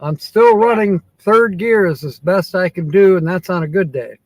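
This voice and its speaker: A man's voice: sits high, moderate pace, a little mellow, dry recording, poor audio. A man hosting a live stream from his truck, chatting casually and chuckling often. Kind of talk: casual chat.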